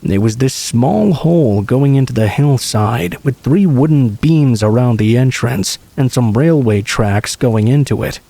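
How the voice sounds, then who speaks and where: A man calmly reading true scary stories aloud as a steady, scripted horror narration. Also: medium pitch, a little slow, vocal fry, few pauses.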